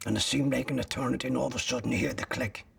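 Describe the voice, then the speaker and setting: A man's voice: medium pitch, steady tone, very fast, vocal fry, husky, recorded from a distance. An older man, recounting a personal ordeal as an interviewee in blunt, graphic words with swearing.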